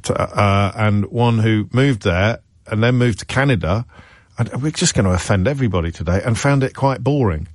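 Male radio host, lowish voice, dry studio sound, wry and rambling. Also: normal speed, no echo. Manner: chatty, wry, self-deprecating, many restarts. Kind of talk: radio phone-in chat.

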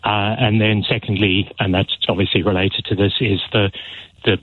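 A man's voice: lowish voice, little pitch movement, normal speed, dry recording. A middle-aged man from South Africa with a South African accent, calling a radio phone-in, earnest and hesitant with many ums. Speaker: caller. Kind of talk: phone-in call. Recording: phone line, dry.

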